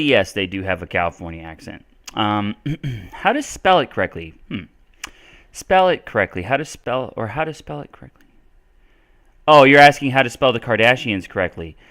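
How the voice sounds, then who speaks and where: A man's voice: lowish voice, sharp tone. A man answering English questions on a live stream, casual and thinking aloud with lots of fillers. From Texas. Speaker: English teacher.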